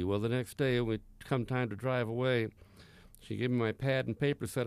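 A man's voice: mid-range voice, fairly even intonation, moderate pace, darkish tone, clean tone, no echo. A man hosting a folk music radio show, telling stories in a folksy, rambling way with many hesitations. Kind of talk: casual storytelling.

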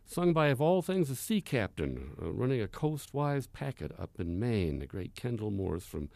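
A man's voice: mid-range voice, big pitch swings, normal speed, creaky, darkish tone, dry recording. A man hosting a folk music radio show, telling stories in a folksy, rambling way with many hesitations. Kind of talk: casual storytelling.

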